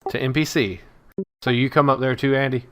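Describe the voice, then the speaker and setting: A man running a tabletop game as dungeon master. His voice is bright and forceful as he narrates casually, with plenty of uhs and likes along the way. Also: medium pitch, little pitch movement, fairly quick. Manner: casual, laughing narration with fillers.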